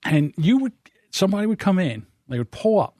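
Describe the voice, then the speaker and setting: A man's voice: high voice, very animated, mellow, no echo, studio quality. A man co-hosting a podcast in casual chat, teasing his friend and praising him. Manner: quick, teasing, hurries the storyteller along. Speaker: podcast co-host.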